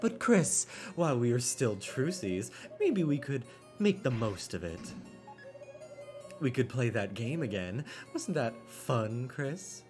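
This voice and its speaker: A man's voice: mid-range voice, big pitch swings, slow, darkish tone, faint music behind, voice pushed down. A man voicing a vain, scheming robot queen who speaks in stiff, formal phrases without contractions. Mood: wistful scheming.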